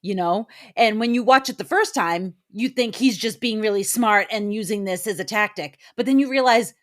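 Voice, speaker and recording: A woman's voice: mid-range voice, moderate pace, fairly bright tone. A woman co-hosting a casual movie review podcast, recapping the plot and sharing opinions with frequent fillers. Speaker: podcast co-host.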